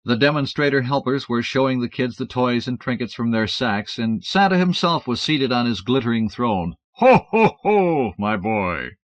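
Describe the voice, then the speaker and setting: A man's voice: mid-range voice, moderate pace, hardly any pauses, a bit bright, dry recording. A man narrating a first-person audiobook in a wry, matter-of-fact storytelling manner. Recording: dull, dry 1970s cassette audiobook.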